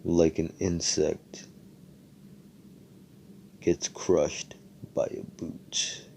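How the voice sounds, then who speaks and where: A brash young fighter , voiced by a man telling a story, who talks down to others with cocky, offhand menace. The voice sits low and mellow. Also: measured pace, slight background noise. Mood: menacing.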